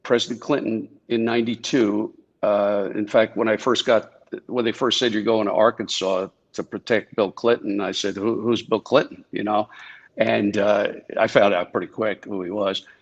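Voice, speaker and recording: A man's voice: on the low side, steady tone, normal speed, muffled recording. A man from New Jersey telling casual, chatty stories as a guest speaker on a video call. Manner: chatty anecdotes with many fillers. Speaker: guest speaker, former Secret Service agent. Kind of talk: casual storytelling talk.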